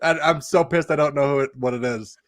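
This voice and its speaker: A man's voice: fairly high pitch, a little fast, no room sound, clean studio sound. A man co-hosting a podcast, joking and laughing through loose banter. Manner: joking, laughing, mock announcements. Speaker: podcast co-host.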